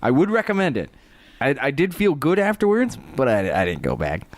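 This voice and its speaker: An easygoing man hosting a relaxed beer-tasting podcast, keeping the conversation moving. His voice sits in a middle register. The sound is dry and close. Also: mid-range voice, fairly quick, no room sound. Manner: easygoing, agreeable, steers the conversation. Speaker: podcast host. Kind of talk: casual beer-tasting chat.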